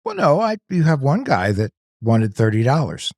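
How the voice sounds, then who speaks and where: Male co-host, mid-range voice, measured explainer with dry humor. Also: mid-range voice, sing-song, a little mellow, no room sound. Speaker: podcast co-host. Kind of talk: casual podcast chat.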